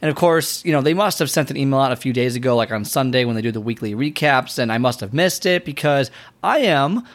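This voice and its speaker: A man's voice: medium pitch, expressive, quick pace. A young man casually telling a rambling story in a vlog, with many fillers and restarts. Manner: rambling, chatty, lots of fillers. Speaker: vlogger and motivational speaker.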